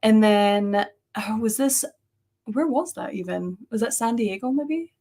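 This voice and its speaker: A woman's voice: a little high, a little slow, mellow. A young woman co-hosting a paranormal show, chatting casually on a live stream with lots of "like" and laughing. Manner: chatty, heavy use of "like", frequent laughter.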